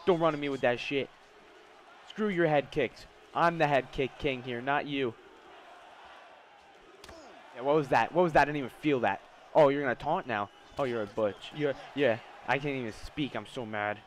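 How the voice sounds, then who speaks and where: A young man giving live gameplay commentary, trash-talking his opponent, swearing and erupting into shouts. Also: medium pitch, normal speed, some chatter behind, a little hiss or hum. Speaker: gaming YouTuber.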